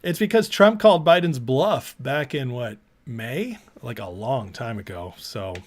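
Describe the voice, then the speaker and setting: A man's voice: mid-range voice, lively intonation, measured pace. Man, livestream host, casual chat, reads comments aloud, easygoing. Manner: chatty, reads out viewer comments and laughs along.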